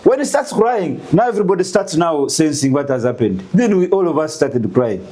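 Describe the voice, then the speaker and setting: A Ugandan man telling a story in an interview, animated and full of rhetorical questions. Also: a little high, a little fast. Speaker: guest.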